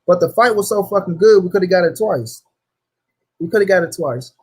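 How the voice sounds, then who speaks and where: A man's voice: high-pitched, lively intonation, fairly quick, darkish tone, slightly rough. A young man hosting a casual livestream, talking loosely in slang and greeting viewers by name. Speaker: livestream host.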